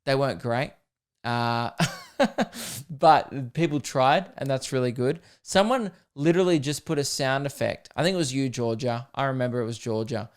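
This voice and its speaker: Young Aussie male podcast host, loose and jokey, casual swearing, medium pitch, clear tone. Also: moderate pace. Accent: Australian. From Australia. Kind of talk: casual solo podcast chat.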